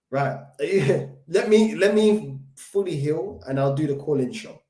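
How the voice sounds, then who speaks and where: A London man hosting a football fan channel, chatting casually with his live chat, slangy and animated, still short of breath from covid. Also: a little high, unhurried, reverberant.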